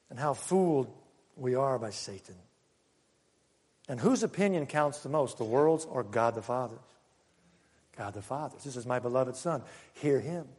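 An older man preaching a sermon and telling stories, moving from loud, emphatic lines to hushed ones. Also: on the high side, vocal fry, husky. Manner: animated, swinging from loud to hushed. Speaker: pastor. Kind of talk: sermon with personal storytelling. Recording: long hall reverb.

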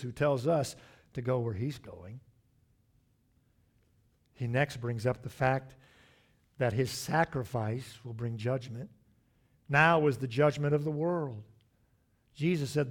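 A man, middle-aged, preaching a sermon, swinging from loud emphatic lines to hushed, drawn-out asides. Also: medium pitch. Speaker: pastor.

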